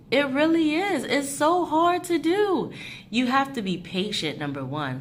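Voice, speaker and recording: Low-voiced woman giving a lively devotional talk. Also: a little hiss or hum. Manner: animated, preachy, laughs often, African American Vernacular English turns. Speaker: host of a Christian encouragement channel. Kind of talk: casual devotional talk to camera. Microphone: phone held horizontally.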